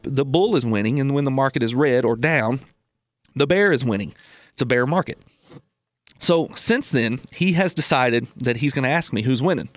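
A man's voice: mid-range voice, dry recording, clean studio sound. A man hosting a personal finance radio show, telling a folksy family story and repeating key lines for emphasis. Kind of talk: casual radio talk about personal finance. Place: radio studio.

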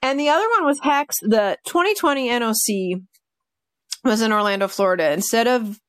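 A woman dog trainer telling stories in a casual podcast chat, animated and full of fillers. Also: a little high, normal speed, no echo, studio quality. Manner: chatty, animated, with many fillers like "like" and "you know".

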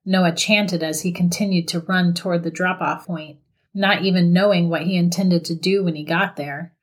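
A woman narrating a scripted horror story in a steady, measured reading voice. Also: on the low side.

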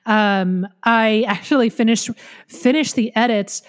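Slightly hoarse high-voiced woman co-hosting a podcast, giggly chatty storyteller. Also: measured pace. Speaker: podcast co-host and author. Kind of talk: casual podcast chat.

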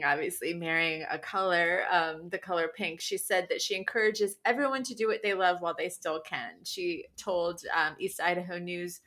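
Woman, podcast co-host, casual chat, bright voice, playful and chatty. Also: on the low side. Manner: chatty and playful, quick to laugh.

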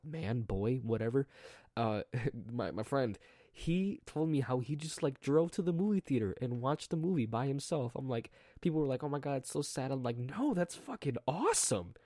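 A teenage boy with a rough, strained throat, chatting casually on his own in a rambling, joking way, full of restarts and self-corrections. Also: mid-range voice, warm tone, dry recording, studio quality. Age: teens. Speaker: podcast diarist. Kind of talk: casual solo vlog chat.

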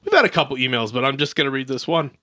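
A man co-hosting a casual comedy podcast, reading comedians' jokes aloud in a deadpan way between crude banter. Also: mid-range voice, racing, no room sound, studio quality. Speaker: podcast co-host.

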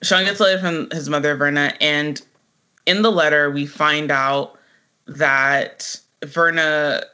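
A woman's voice: low voice, a little slow, clean tone. A woman co-hosting a podcast, recapping a sitcom in casual chat, talking loosely with many fillers. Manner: chatty, full of fillers, quotes characters in animated voices. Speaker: podcast co-host.

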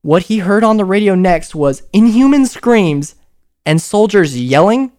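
An American man hosting a casual paranormal podcast, telling stories in an animated way with frequent laughs. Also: sits high, measured pace, smooth. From United States. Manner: animated storyteller, laughs often, acts out quotes. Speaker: podcast host.

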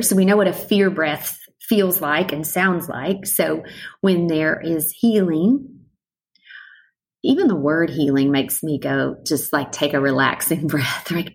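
A middle-aged woman talking thoughtfully in a relaxed conversation, slowing down and showing how breathing works. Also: sits low, low-quality recording. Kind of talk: reflective conversational chat.

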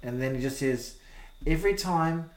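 A man's voice: a little high, moderate pace. A man co-hosting a podcast in casual chat, rambling and playful with crude stories. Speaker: podcast co-host. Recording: roomy echo.

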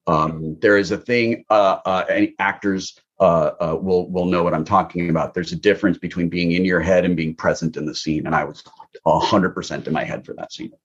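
A man, an actor being interviewed, telling candid stories in a casual, animated way. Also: deep voice, a little fast. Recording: muffled lo-fi audio.

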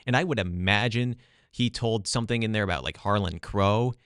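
Man, guest explaining his study, very deep voice, dry sound, lots of fillers. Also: a little fast, fairly bright tone, smooth, dry recording. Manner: hedging, many "like" and "you know" fillers. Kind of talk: casual political talk.

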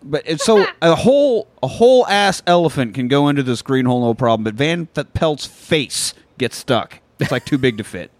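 A man's voice: a little high, lively intonation, normal speed, hardly any pauses, no echo. Man recapping a movie, dry close sound. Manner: swears freely, acts out lines of the film. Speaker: podcast co-host recapping a film. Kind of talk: casual comedic recap with crude jokes.

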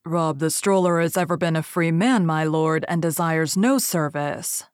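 Storybook hero: a bold, polite young outlaw archer voiced by a woman narrator, low and dry. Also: normal speed, no room sound, lightly acted. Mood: courteous.

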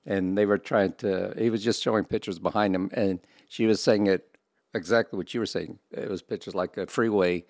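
A man's voice: lowish voice, steady tone, normal speed, darkish tone, no room sound, studio quality. A man co-hosting a casual podcast, joking with hesitant restarts. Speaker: podcast co-host. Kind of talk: casual chat.

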